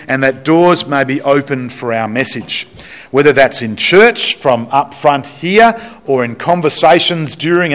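Animated man preaching a sermon. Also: a little high. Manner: animated, storytelling preacher with frequent restarts. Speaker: pastor. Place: church.

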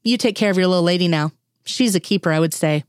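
Give voice to a helpful, folksy country man with a drawl, put on by a woman narrator. The voice sits low and the sound is dry and close. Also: quick pace, no room sound, close to an everyday voice. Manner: folksy and genial. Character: friendly rural man who helps stranded drivers.

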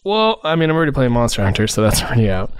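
A man co-hosting a podcast in an animated, somewhat hesitant way, full of fillers, sometimes jumping into high silly voices. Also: rapid-fire, clear, resonant tone. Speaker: podcast co-host. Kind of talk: casual chat.

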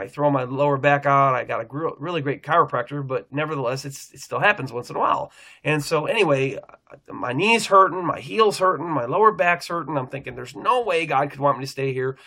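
A middle-aged male pastor shares his own testimony with a bright, forceful tone sitting a little high for a man. He rambles earnestly, circling back and restarting sentences as he goes. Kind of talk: personal faith testimony.

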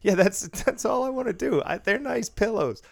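A man's voice: high-pitched, lively intonation, normal speed, gravelly. A man co-hosting a podcast in casual chat, blunt and profane, laughing often. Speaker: podcast co-host. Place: studio room.

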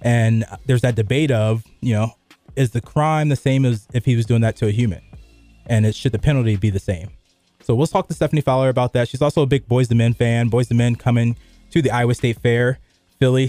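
Speaking into a studio microphone with no echo, this middle-aged sports radio host has a mellow, mid-range voice. His casual chat wanders loosely and is full of filler words.

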